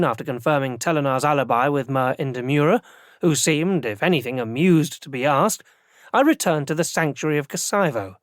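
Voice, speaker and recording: Male audiobook narrator, first-person, measured reading, dry studio sound. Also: fairly high pitch, dry recording.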